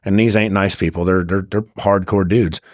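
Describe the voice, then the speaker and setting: A man with a lowish voice swaps undercover stories on a podcast in a laid-back, salty way. The sound is dry and close, straight into a studio mic. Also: fairly even intonation, normal speed, a little mellow, no room sound. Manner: laid-back, swearing, acts out quoted voices. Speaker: former undercover officer, guest. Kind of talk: casual storytelling.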